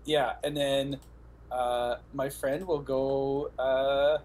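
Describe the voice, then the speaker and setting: Rambling, hesitant tabletop player. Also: male voice, mid-range voice, little pitch movement, extremely slow, darkish tone. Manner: hesitant, rambling, lots of fillers. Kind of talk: playing a tabletop game. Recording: faint background noise.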